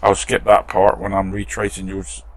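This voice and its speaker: A man's voice: sits low, completely flat delivery, moderate pace, heavy background noise. A British man hosting a model restoration channel, chatting casually in his shed workshop and reading out viewer comments with self-deprecating humour.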